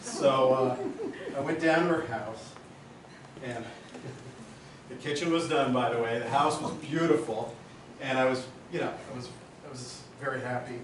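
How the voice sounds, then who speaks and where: A man's voice: medium pitch, unhurried, crowd noise. Emotional man telling stories, far off. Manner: emotional, rambling storyteller. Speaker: memorial speaker. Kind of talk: personal memorial speech. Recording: roomy hall, far from mic.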